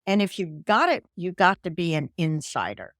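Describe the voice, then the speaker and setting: Older woman, interview guest, animated storyteller, dry sound. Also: fairly low pitch, normal speed, no echo. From American South. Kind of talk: casual interview talk.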